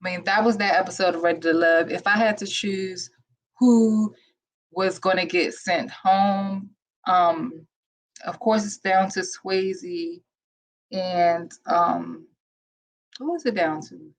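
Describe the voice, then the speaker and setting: A woman co-hosting a casual review chat over a video call, relaxed and direct as she wraps up the show. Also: fairly low pitch, slow, poor audio. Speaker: co-host of a reality show review.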